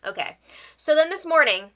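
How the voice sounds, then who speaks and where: A woman's voice: high voice, sing-song, normal speed, fairly bright tone. A woman hosting a casual reality show recap, chatty and tossing in opinionated asides.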